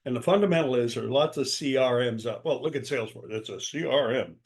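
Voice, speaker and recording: A man's voice: mid-range voice, fast. An older man, a guest author, answering in an interview with emphatic storytelling and acted-out dialogue. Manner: energetic, emphatic, acts out quoted dialogue.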